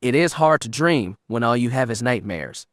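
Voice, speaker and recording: A man's voice: mid-range voice, expressive, moderate pace, no room sound, studio quality, close to an everyday voice. A man voicing a haughty female Sith apprentice. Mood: bitter. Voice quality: haughty, refined. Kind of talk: audiobook reading.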